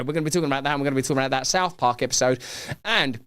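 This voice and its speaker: A man's voice: mid-range voice, rapid-fire, fairly bright tone, smooth. Playful rambling male show host. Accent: English. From England. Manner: playful, rambling, riffing with studio crew. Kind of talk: casual live show chat.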